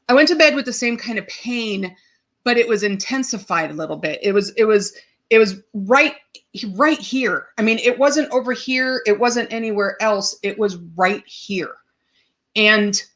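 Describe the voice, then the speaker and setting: A woman's voice: medium pitch, moderate pace, fairly bright tone. A woman hosting a live podcast, telling a personal story in an open, emotional way with many ums and restarts, at times choked up. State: choked up, tearing up. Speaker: podcast host.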